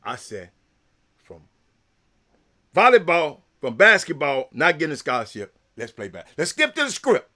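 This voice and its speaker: A man's voice: fairly high pitch, huge pitch swings, normal speed, pauses often, sharp tone. A man, hosting a casual talk show and rambling to his viewers with lots of repeated words. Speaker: sports talk show host.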